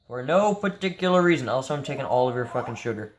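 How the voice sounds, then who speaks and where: A man's voice: mid-range voice, expressive, fast, soft background music. A young man giving casual, rambling and profane gameplay commentary, sleepy and joking as he plays. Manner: tired, rambling, jokey and profane. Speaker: gameplay streamer.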